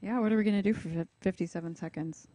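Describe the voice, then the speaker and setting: A woman's voice: medium pitch, fast talker, warm tone, no echo. A woman co-hosting a talk radio show, teasing her partner in casual banter. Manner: teasing, laughs easily. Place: radio studio.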